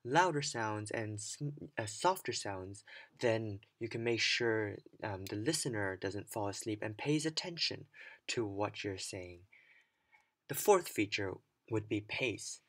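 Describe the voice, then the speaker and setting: A young man leads a pronunciation lesson for a speaking exam. His voice sits a little low, and he speaks in a clear, teacherly way, saying example words aloud to show where the stress falls. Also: animated, takes it slowly, fairly bright tone. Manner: clear teacherly delivery, demonstrating stress patterns. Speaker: English speaking tutor. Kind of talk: scripted lesson to camera.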